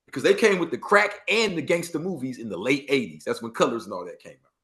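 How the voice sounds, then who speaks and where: A man from Los Angeles with a Los Angeles accent, a podcast guest talking in an animated way, acting out quoted street talk with heavy slang. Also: medium pitch, quick pace. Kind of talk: casual storytelling interview.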